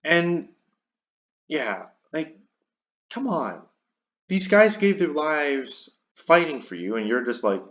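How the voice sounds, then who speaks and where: Man, indignant commentary rant, stammering repeats, animated pitch, muffled lo-fi recording. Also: takes it slowly, pauses often. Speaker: commentary YouTuber. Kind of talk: ranting commentary.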